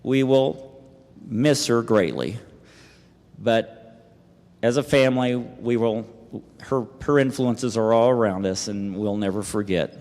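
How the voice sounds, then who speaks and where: Man giving a halting eulogy in a hall. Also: mid-range voice. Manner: halting and emotional, with restarts and soft laughs. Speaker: family member giving a eulogy. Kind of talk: memorial eulogy. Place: memorial service venue. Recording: reverberant hall.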